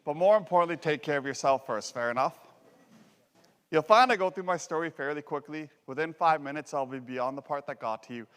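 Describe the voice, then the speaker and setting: Canadian man, fairly high voice, folksy joking safety speaker, long hall echo. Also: brisk, smooth. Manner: folksy and joking, lively delivery. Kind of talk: motivational talk. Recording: echoey hall.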